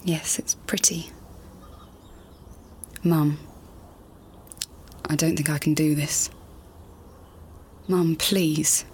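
Actress as a grown daughter, lowish voice, hesitant n wry, faint ambience. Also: female voice, steady tone, drawn-out words, long pauses, a little mellow, a little hiss or hum. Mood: wistful. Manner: hesitant, with fillers and wry asides. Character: grown daughter, wry and hesitant, talking to her dead mother.

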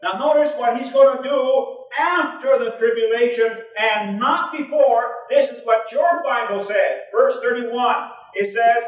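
A man's voice: extremely high pitch, a little slow, lo-fi sound. A man preaching a sermon as pastor, emphatic, reading scripture aloud to his congregation. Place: church. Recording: echoey, distant 1980s church recording.

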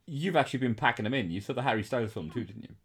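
A man's voice: mid-range voice, expressive, racing, a bit bright, slightly rough. A man co-hosting a podcast, making dry, wry comments in casual chat. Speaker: podcast co-host.

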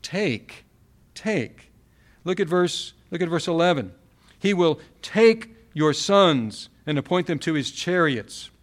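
A man's voice: fairly high pitch, animated, takes it slowly. A man preaching a sermon, reading Bible verses aloud and repeating key phrases for emphasis.

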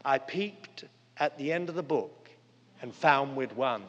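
An older man preaching a sermon, earnest and dramatic, with big swings in pitch and loudness as he tells stories. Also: expressive, slow pace, noisy background. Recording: long hall reverb, dull lo-fi sound.

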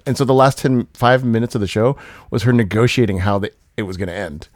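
A man's voice: lowish voice, steady tone, dry recording. A man co-hosting a podcast in casual chat, telling stories with many fillers and restarts. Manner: chatty storyteller, halting with fillers. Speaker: podcast co-host.

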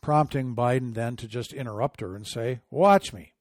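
A middle-aged man giving opinionated political commentary, sarcastic and indignant, often rising into loud outrage. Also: medium pitch, moderate pace, no echo, clean studio sound. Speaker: commentary host.

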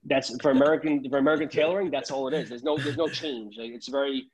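A man's voice: medium pitch, steady tone, fast talker, darkish tone, low-quality recording. A man, a tailor chatting casually on a podcast, rambling and restarting his sentences.

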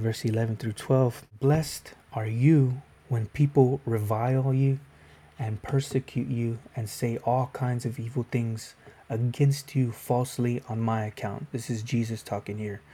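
A man's voice: mid-range voice, fairly even intonation, unhurried, mellow, slightly rough. A man giving a casual Bible devotional video, reading scripture aloud and then explaining it in a conversational way.

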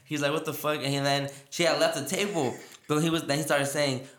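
Fast-talking man telling a story. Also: fairly high pitch, steady tone, a bit bright. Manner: rambling, laughing, lots of filler and quoted dialogue. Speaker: podcast host. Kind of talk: casual storytelling chat. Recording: echoey room.

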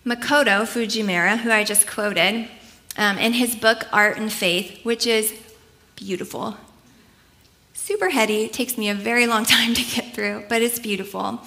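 Woman preacher, bright and a bit high, earnest, conversational sermon delivery. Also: normal speed.

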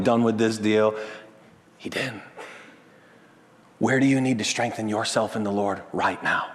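A man in his thirties preaching a sermon, telling stories with animation and swinging from loud to hushed. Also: mid-range voice. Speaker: pastor. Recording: long hall reverb.

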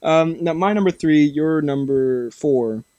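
A man's voice: on the high side, measured pace, mellow, highs cut off. A young man hosting a podcast, chatting casually, laughing often and restarting sentences. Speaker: podcast host. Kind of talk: casual chat.

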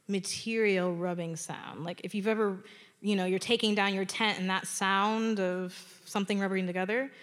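A mid-range female voice recounts a personal story to a live audience from the stage, lively and chatty while leaning on dramatic emphasis. The recording has a long, hall-like reverb.

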